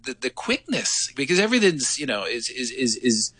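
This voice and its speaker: A sports reporter calling in to a radio show, telling a story animatedly with lots of restarts. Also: male voice, mid-range voice, very animated, moderate pace, sharp tone, slightly rough, no echo. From United States. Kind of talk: casual radio phone chat. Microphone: phone line.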